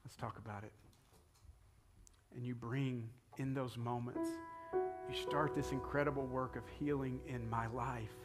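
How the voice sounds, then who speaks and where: A man's voice: mid-range voice, steady tone, measured pace, loud music behind the voice. A middle-aged man preaching as a pastor in an earnest, conversational way that rises to fervent prayer. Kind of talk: sermon and closing prayer.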